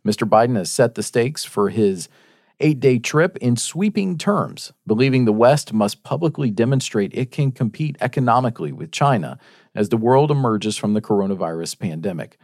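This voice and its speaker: A man's voice: mid-range voice, lively intonation, normal speed, darkish tone, no room sound, studio quality. A man hosting a faith-based news talk show, reading news stories aloud and chatting with his co-hosts.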